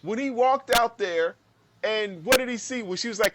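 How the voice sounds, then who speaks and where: A man co-hosting a podcast in casual chat, excitable and swearing often, with frequent laughs. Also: sits high, moderate pace, background noise. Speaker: podcast co-host.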